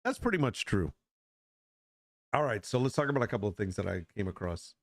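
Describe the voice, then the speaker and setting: A man's voice: on the low side, very animated, a little fast, no room sound. A middle-aged man hosting a casual solo podcast chat, rambling and frank, often repeating words as he restarts a thought. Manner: frank, opinionated. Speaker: podcast host.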